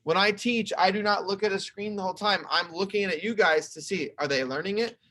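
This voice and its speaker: A young man teaching his class over a video call, talking them through each point in a relaxed, explaining way. His voice is bright and a little high. It is recorded on a webcam mic at home. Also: brisk. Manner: explaining, conversational, talks through slides. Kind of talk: online class lesson. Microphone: computer webcam mic.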